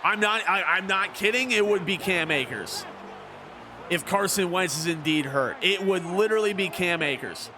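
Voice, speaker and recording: A male gaming streamer commentates his game like a sports broadcaster, shifting between a slow, drawn-out announcer voice and quick casual chat and repeating phrases for emphasis. His voice sits high and sounds animated, with background noise present.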